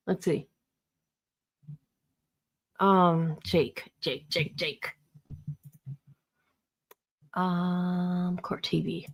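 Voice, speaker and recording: A woman's voice: lowish voice, drawn-out words, pauses often, breathy edge. A woman hosting a casual livestream, ranting heatedly about a court case and greeting viewers by name. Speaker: livestream host.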